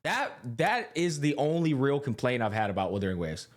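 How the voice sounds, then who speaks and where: A man's voice: mid-range voice, sing-song, fairly quick. A young man co-hosting a podcast, talking casually with lots of energy and a bit of swearing. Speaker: podcast co-host. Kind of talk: casual chat.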